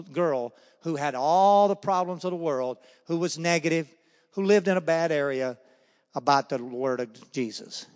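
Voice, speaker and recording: A man gives a testimony at a men's breakfast, his voice sitting a little high for a man. He acts out each exchange with sudden emphasis, and the sound carries the long reverb of a large hall. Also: darkish tone. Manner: storytelling, acts out dialogue with bursts of emphasis. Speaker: guest speaker at a men's breakfast. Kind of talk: testimony speech.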